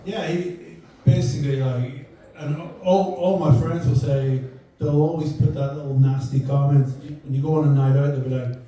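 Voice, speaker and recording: A young Irish man with an accent that drifts toward American, doing a rambling, self-deprecating stand-up set in a flat voice. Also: a little high, normal speed, hardly any pauses. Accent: mixed Irish and American. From Ireland. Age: young adult. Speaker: stand-up comedian. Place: comedy venue. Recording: echoey room, mic from a distance, audience. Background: audience laughter.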